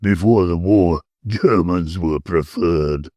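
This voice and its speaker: A man voicing a huge, bold old Dutchman who speaks slowly, with a strong guttural accent. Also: sits low, warm tone, no room sound, studio quality, pitched below the performer's own voice. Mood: grim. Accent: strong guttural foreign accent.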